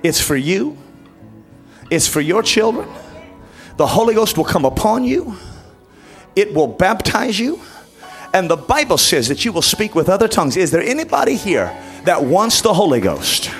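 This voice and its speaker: Male pastor, high lively voice, leads altar call and pleading prayer over music. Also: normal speed, long pauses. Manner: pleading, rising to shouted fervent prayer. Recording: music playing behind.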